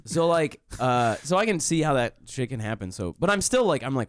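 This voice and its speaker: A man's voice: medium pitch, very animated, fairly quick, clean tone. A male comedian telling a story on a podcast, swearing freely and breaking into laughs as he goes. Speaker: comedian guest.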